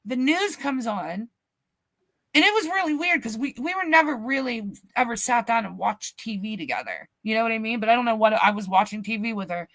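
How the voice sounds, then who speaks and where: A middle-aged woman co-hosting a podcast, telling a family story in an animated, swearing way and acting out the quotes. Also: on the high side, a little fast, no room sound. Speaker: podcast co-host. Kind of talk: casual storytelling chat. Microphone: podcast mic, remote stream.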